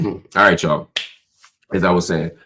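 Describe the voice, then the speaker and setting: A man hosting a casual nightly livestream show, slightly hoarse from a cold, talking loosely and calling his viewers y'all. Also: sits low, fairly even intonation, takes it slowly, sharp tone, a little hiss or hum. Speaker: host.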